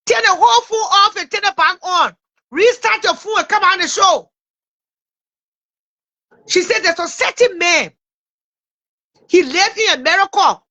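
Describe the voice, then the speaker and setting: A woman hosting a casual livestream, talking straight to her audience in an animated way and tripping over names. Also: very high voice. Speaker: livestream host.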